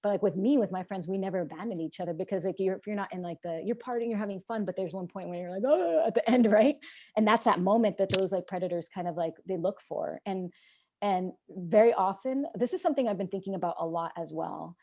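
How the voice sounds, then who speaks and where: Fast-talking mellow-voiced young woman. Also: mid-range voice. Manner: animated storyteller, acts out quoted voices, many fillers. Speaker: podcast guest. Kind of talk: casual podcast conversation.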